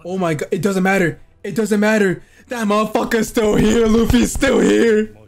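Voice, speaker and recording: A man hosting an anime reaction channel, giving live reaction commentary in excitable outbursts full of swearing and shouting. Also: high-pitched, moderate pace, creaky. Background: faint anime soundtrack playing.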